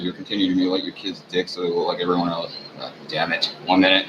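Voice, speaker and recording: A man ranting in a rambling, profane monologue for his channel, halting often with fillers. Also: sits low, level tone, sharp tone. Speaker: channel owner. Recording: dull lo-fi recording with faint hiss.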